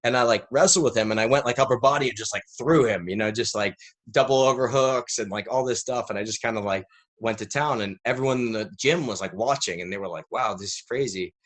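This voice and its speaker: A man's voice: medium pitch, fast. A man in his thirties, a podcast guest telling a rambling story in casual interview talk, peppered with "like". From United States. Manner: rambling, animated storyteller who fills with "like".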